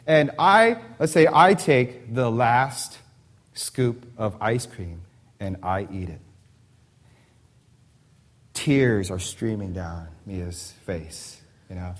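Animated preacher with lively pitch. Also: male voice, takes it slowly. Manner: animated storytelling with rhetorical questions. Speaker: pastor. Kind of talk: sermon.

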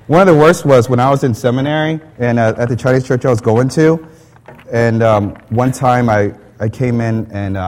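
A man pastor delivers a conversational sermon at a church service. He speaks at a middling pitch and keeps a chatty, self-deprecating tone, often restarting his sentences. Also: darkish tone.

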